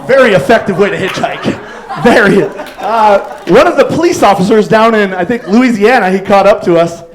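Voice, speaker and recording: Rambling stand-up comedian, high voice. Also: male voice, expressive, moderate pace, low-quality recording. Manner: rambling storytelling with fillers and acted quotes. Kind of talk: stand-up set. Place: comedy club stage.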